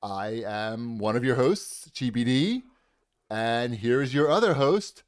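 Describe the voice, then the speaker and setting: Man, podcast co-host, joking casual talk, mid pitch, dry close sound. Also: slow pace, no echo. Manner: joking, chatty, trails off quietly. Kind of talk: casual chat.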